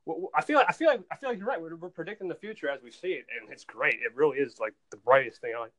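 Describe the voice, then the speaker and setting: Man, casual podcast host, higher voice, fired-up storyteller, trips over his words. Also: very fast. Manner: excitable, animated storyteller; stumbles and repeats words. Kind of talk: casual chat.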